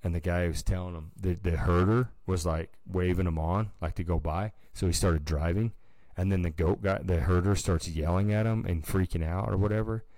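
Low-voiced man telling rambling stories. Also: fairly even intonation, a little mellow, no echo. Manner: rambling storytelling full of "like" and "dude"; slips into quick put-on voices for people in his stories. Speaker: podcast co-host. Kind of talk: casual chat.

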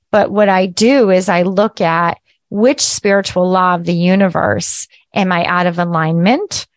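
A woman hosting a casual spiritual teaching talk, chatty and lively, laughing at herself and often checking in with "right?". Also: fairly low pitch, no room sound.

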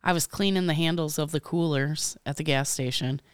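A Midwestern woman co-hosts a casual podcast, chiming in with blunt agreement. Her voice sits fairly low and sounds smooth and clear. The sound is dry and close to the mic. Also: brisk, dry recording. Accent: Midwestern American. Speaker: podcast co-host. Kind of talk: casual chat.

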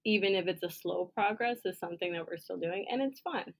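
Laughing, loud-talking woman podcast co-host. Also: fairly low pitch, brisk, gravelly. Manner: laughs often, animated and loud. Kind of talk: casual chat.

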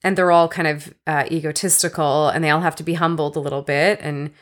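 A woman's voice: deep voice, fairly even intonation, quick pace. A woman co-hosting a casual film chat, frank and wry in her opinions. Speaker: podcast co-host. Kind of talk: casual movie discussion.

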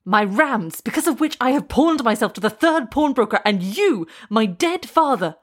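A woman's voice: on the high side, lively intonation, normal speed, voice pushed up. A woman voicing an angry, determined young man in a storybook reading, making firm, insistent demands. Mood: stern.

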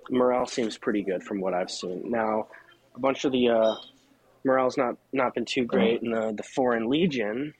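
A man's voice: medium pitch, moderate pace, breathy edge, no echo, low-quality recording. A man from the United States, a freelance journalist and podcast guest, speaking candidly and thinking aloud with restarts. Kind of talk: casual podcast conversation.

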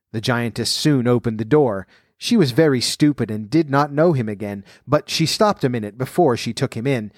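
A man reading a fairy tale aloud at a steady, measured pace. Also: medium pitch, dry recording, clean studio sound. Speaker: storyteller.

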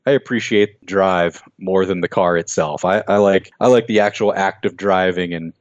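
An earnest man with a low voice tells a personal story as a podcast guest, reflective and halting, often restarting his sentences. The recording sounds dull and very dry. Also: steady tone, dry recording. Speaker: guest, racing driver.

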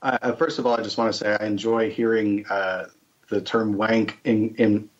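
Low-pitched man, hesitant and modest, casual podcast chat, muffled lo-fi audio with faint hiss. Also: flat delivery, normal speed. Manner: hesitant, self-effacing, many fillers. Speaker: podcast co-host. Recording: dull lo-fi audio with faint noise.

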